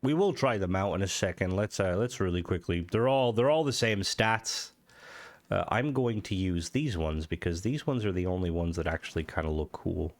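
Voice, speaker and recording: A man's voice: deep voice, normal speed. Nasal, stuffy-voiced man. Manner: rambling, thinking aloud with restarts. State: stuffy from hay fever. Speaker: gaming video host. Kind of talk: casual gameplay commentary.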